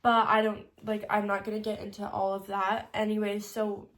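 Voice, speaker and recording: A young woman in her early twenties talks through a personal story in a casual confessional vlog. She is emotional and close to tears, laughs through it, and her sentences trail off softly between many "like" fillers. Her voice sits at a middle pitch. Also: completely flat delivery, normal speed. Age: 20s. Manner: frequent "like" fillers, trailing soft endings. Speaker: vlogger.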